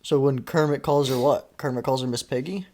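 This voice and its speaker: A man hosting a casual drinks-and-chat podcast, teasing his co-host and wandering through loose, rambling stories with plenty of swearing. His voice sits at an ordinary middle pitch. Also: a little fast, a little mellow.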